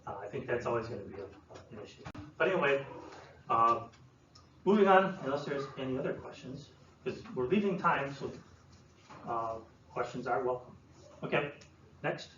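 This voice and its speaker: A man presenting to an audience, explaining in a relaxed way with many fillers and restarts. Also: medium pitch, moderate pace, pauses often. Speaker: land use planner presenting. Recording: roomy, distant, dull sound with faint room noise.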